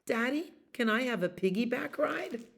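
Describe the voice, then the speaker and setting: A woman's voice: on the high side, normal speed, creaky, voice pushed up. A woman doing an eager little boy pleading. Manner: pleading, excited questions. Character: eager young boy asking his dad.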